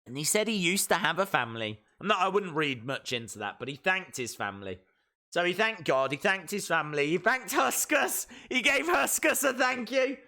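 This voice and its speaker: A man talks casually into a desk mic on his live stream. His voice sits high and swings widely in pitch, with a bright, forceful edge. He sounds chatty and excitable, thinking out loud to his viewers. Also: normal speed. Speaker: live stream reaction host.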